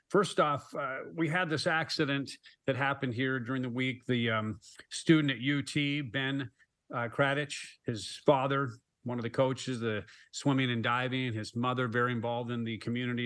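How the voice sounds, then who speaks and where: A male news host guiding a panel discussion and moving from one topic to the next. His voice is mid-pitched and plain, recorded in a dry studio. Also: a bit bright, dry recording. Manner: plain, moderating.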